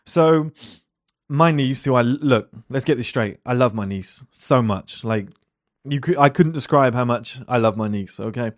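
A man's voice: mid-range voice, measured pace, no room sound, studio quality. A young man talking bluntly at his desk, swearing and rambling with lots of fillers and rhetorical questions. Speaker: entrepreneur talking to camera. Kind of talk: casual monologue.

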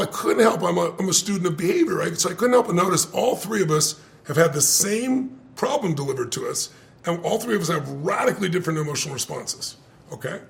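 Gravelly older man telling a story. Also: high-pitched. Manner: animated, swears casually, laughs often, acts out quotes. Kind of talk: storytelling in conversation.

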